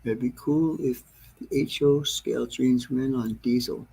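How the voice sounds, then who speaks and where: A man's voice: mid-range voice, steady tone, a little slow, dark tone. Rambling, frustrated man on a livestream. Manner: rambling, self-correcting, frequent throat clearing. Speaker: model railroad livestream host. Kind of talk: casual livestream chat to viewers. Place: train layout room at home.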